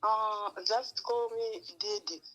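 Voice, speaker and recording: A woman's voice: mid-range voice, steady tone, slow pace, bright, forceful tone, dull audio. A woman calling in to a political show, speaking in a direct, pleading way. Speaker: caller. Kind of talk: call-in comment to a political show.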